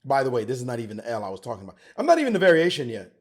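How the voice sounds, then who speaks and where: A middle-aged man teaching chess, excitable and theatrical, talking straight to the viewer. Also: medium pitch, rapid-fire. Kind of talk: animated chess commentary.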